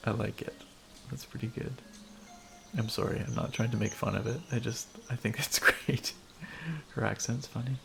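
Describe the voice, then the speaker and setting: A man's voice: medium pitch, fairly even intonation, moderate pace, gravelly, pauses often, fairly bright tone, slight background noise. A man casually chatting and laughing as he streams a game, rambling between thoughts. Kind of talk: casual gameplay commentary.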